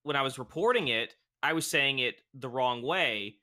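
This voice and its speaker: A man's voice: medium pitch, animated, moderate pace, sharp tone. A man from rural North Carolina chatting casually as a stream guest, rambling with many restarts. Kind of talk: casual chat.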